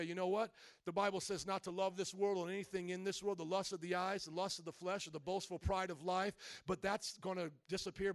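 A man preaching a sermon as pastor, animated, acting out little scenes and calling out to the congregation. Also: high voice, no echo, studio quality.

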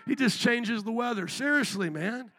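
A male pastor preaching a lively sermon in church, acting out quick voices and rising to shouts. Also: extremely high pitch. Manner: animated preaching, acts out voices.

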